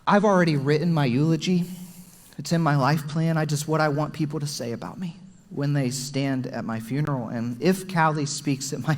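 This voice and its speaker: A young adult man preaching a sermon as pastor, earnest and personal, at times getting emotional. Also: fairly high pitch. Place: large church hall. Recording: long hall reverb from church PA.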